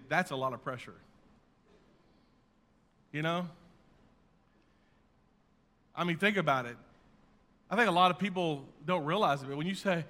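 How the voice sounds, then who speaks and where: High, bright-voiced preaching man. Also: in a large hall. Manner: impassioned preaching, rising to emphatic peaks and dropping to quiet asides. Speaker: pastor. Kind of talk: sermon. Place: church sanctuary.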